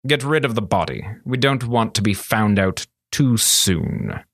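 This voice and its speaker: Guy doing a creepy villain sorcerer, slow silky threats, voice swinging up and down a lot, dry sound. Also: on the low side, very animated, creaky, fairly bright tone, no echo, heavily acted. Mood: dark, cold. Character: cold, menacing older male sorcerer master.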